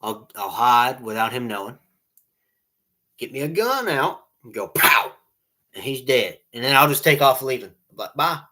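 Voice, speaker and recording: A man's voice: medium pitch, expressive, normal speed, sharp tone. A man telling rambling casual stories and jokes to online friends, often tacking on "all right?" and laughing at his own tales.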